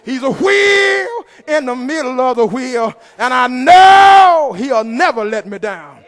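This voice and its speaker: Preacher man, really high voice, slow shouty half-sung sermon, big echoey church hall. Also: sing-song. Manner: shouting, half-singing, call-and-response. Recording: long reverb of a church hall.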